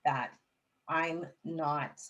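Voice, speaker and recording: Interview guest, female, slightly low pitch, candid, expressive storyteller with a light humorous streak. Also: drawn-out words, dull audio. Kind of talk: casual personal storytelling.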